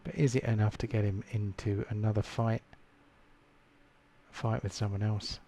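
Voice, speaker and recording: A man running a tabletop game as game master, thinking aloud with frequent fillers and halting restarts. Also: lowish voice, little pitch movement, dark tone.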